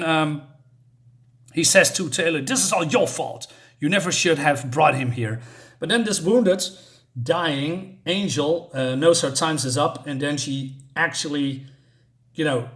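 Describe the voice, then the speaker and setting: A man casually reviewing a comic book, rambling and hesitant, full of fillers and restarts. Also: fairly high pitch.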